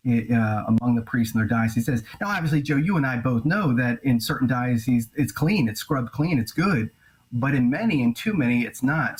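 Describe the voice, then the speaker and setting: A male journalist and author answering interview questions in an earnest, grave way, with halting restarts. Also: medium pitch, poor audio.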